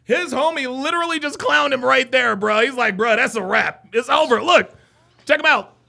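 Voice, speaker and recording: A man hosting a live stream, reacting excitedly to a clip with laughter, shouting and lots of repetition. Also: very high-pitched, moderate pace, creaky.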